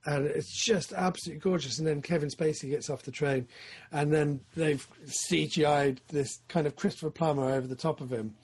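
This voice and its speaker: Excitable husky man. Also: brisk. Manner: excitable, swings from loud enthusiasm to low mumbling asides. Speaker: podcast co-host. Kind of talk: casual film chat.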